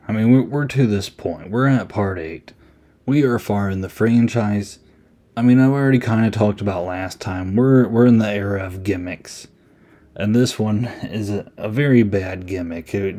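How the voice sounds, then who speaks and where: Low-ish guy rambling thru a movie review, lots of ums, kinda amused, warm dark tone. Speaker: podcast host. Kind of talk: casual solo movie review.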